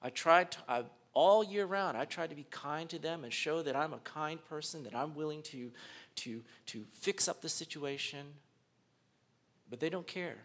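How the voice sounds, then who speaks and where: Male pastor, sermon delivery, slightly high voice, animated swings from hushed to loud. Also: moderate pace.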